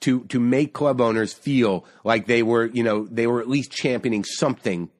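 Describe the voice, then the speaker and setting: A man's voice: mid-range voice, moderate pace. A man chatting as a podcast guest, telling a story intensely, swearing and restarting his sentences. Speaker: guest comedian. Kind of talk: casual podcast chat, storytelling.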